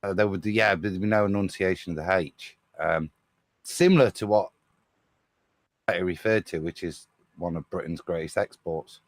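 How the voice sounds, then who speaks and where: A man with an English Midlands accent that drops his H's muses in a chatty, lightly amused way during an online panel. His voice sits low, and the sound is close and dry. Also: moderate pace, no echo. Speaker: panel guest. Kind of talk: casual online panel chat.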